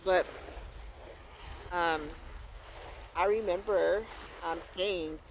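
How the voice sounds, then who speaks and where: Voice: medium pitch, steady tone, very slow, a little hiss or hum. A vlogger talking casually about faith and dreams outdoors by the water, rambling and emphatic, full of fillers and restarts, recorded on a handheld phone. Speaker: vlogger sharing faith experiences. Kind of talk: casual faith talk vlog.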